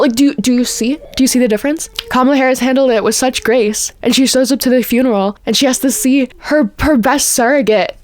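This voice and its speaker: A young woman giving heated, profane political commentary, exasperated and fast to swear. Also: high voice, darkish tone.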